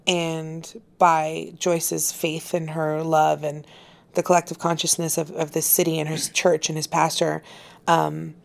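Gravelly low-voiced woman guest. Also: monotone, a little slow. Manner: earnest, heartfelt storytelling. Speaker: actress and author, interview guest. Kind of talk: casual interview conversation.

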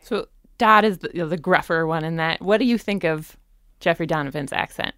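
A woman hosts a radio talk show and asks curious, engaged questions. Her voice is smooth and clear and sits a little low. The studio sound is dry. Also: a little fast, fairly bright tone, no room sound.

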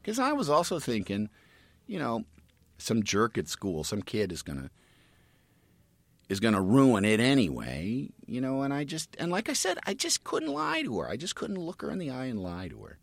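A man's voice: medium pitch, huge pitch swings, normal speed, vocal fry, no echo. A middle-aged man in casual chat, telling family stories in a rambling way with many restarts.

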